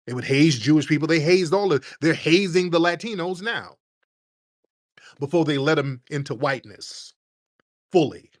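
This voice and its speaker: A man's voice: on the high side, no echo, studio quality. A man hosting a live call-in show, talking bluntly and combatively with plenty of profanity. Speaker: show host. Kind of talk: casual livestream talk.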